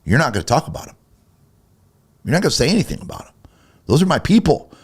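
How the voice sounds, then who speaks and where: A man co-hosts a faith talk show with an emphatic, heated delivery. His pitch rises and falls widely as he acts out little quoted conversations and presses his point home. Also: very animated, quick pace, breathy edge. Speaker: co-host of a Christian talk show. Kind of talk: casual faith talk, preachy.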